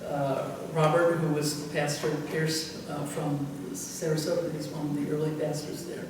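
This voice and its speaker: An older woman pastor tells church anecdotes in conversation, rambling and chuckling with plenty of fillers. Her voice is low and level at a moderate pace. She is recorded from far off in an echoey church hall with faint background noise.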